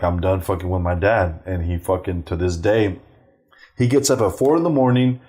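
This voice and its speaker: Low-ish voiced comedian guy, middle-aged, cussing his way through a story about his kid. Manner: animated, acts out quoted voices, swears freely. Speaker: stand-up comedian, guest. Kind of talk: profane anecdotal storytelling.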